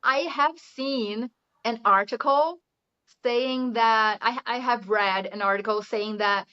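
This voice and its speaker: In muffled, lo-fi audio, a Brazilian woman chats as a casual interview guest, speaking English with a Brazilian Portuguese accent; she works as an English teacher. Her voice is a little high, pushed, bright, and clean, her pace slow, and she laughs often while leaning on "you know."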